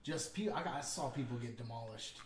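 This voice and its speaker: A man's voice: mid-range voice, animated, brisk. A man co-hosting a podcast, talking in a laid-back, slangy way. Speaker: podcast co-host. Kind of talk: casual chat. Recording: echoey room with crowd noise.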